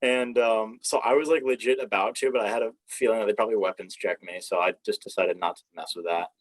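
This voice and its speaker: Young man, excitable casual chat with fillers, lowish voice. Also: fast, low-quality recording.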